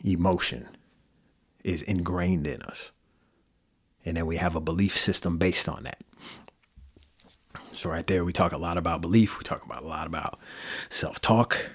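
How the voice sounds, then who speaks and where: Deep-voiced Midwestern man musing casually. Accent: Midwestern American. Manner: loose, conversational, with slang and fillers. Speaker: podcast host. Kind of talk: casual solo podcast monologue.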